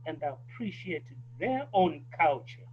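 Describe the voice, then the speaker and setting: Guest: South African man, high voice, emphatic and thoughtful, dull lo-fi line with faint hum. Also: very animated, slow pace. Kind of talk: casual conversation.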